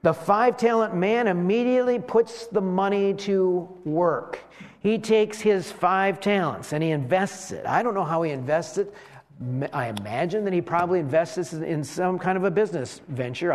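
A pastor preaches a sermon conversationally, asking rhetorical questions and often restarting his sentences. His voice sits high and moves at a moderate pace.

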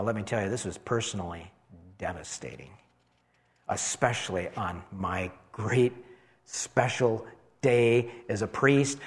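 A preacher telling a dramatic first-person sermon as an elderly priest who talks with exclamations and wry asides about himself. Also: male voice, medium pitch, in a large hall, natural voice. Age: older. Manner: animated, exclaiming, self-deprecating asides. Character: elderly male priest, amazed and rueful.

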